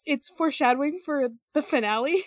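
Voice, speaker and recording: A woman's voice: high-pitched, a little fast. A woman co-hosting a podcast in casual chat, rambling and hesitant with many fillers. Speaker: podcast co-host.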